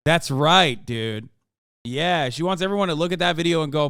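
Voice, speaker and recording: Streamer guy ranting and cussing, high clean voice, super dry sound. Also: moderate pace, clean tone, no echo. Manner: loud, profane, animated, mocks others in put-on voices. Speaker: livestream host reacting to videos. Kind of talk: profane reaction ranting.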